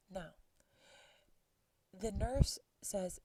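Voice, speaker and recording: A woman's voice: mid-range voice, unhurried, gravelly, dark tone, far from the mic, rough recording. A woman teacher casually retelling a play scene, chatty with exclaimed asides to her students. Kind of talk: casual lesson summarizing a play.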